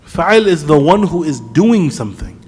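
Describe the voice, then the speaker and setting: Guy teaching a class in a mosque, kinda high voice, asks questions, reverby hall. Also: big pitch swings, darkish tone, breathy edge. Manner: recites Arabic verses quickly. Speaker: teacher of Quran commentary. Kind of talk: classroom lesson.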